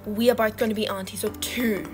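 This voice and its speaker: A woman's voice: medium pitch, steady tone, a little fast. A young woman co-hosting a casual gaming vlog, bubbly and rambling with lots of fillers. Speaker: channel co-host. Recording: music playing behind.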